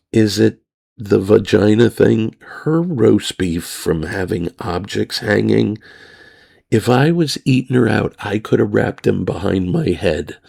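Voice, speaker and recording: A low-voiced man with a gravelly, creaky edge tells a crude story at an unhurried pace. He rambles, speaks bluntly, and plays out both sides of the exchange himself. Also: darkish tone. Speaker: podcast host.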